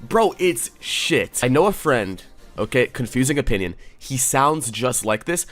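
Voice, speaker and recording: A man's voice: mid-range voice, very animated, measured pace, fairly bright tone. A man ranting through casual online commentary, swearing often and mocking his subject with sarcasm. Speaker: commentary YouTuber.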